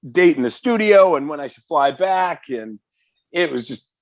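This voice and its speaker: Animated man from the Bay Area. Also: a little high, normal speed, no room sound, studio quality. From San Francisco Bay Area. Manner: animated, excitable, swears freely, heavy filler words. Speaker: podcast guest, metal singer. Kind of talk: casual storytelling in conversation.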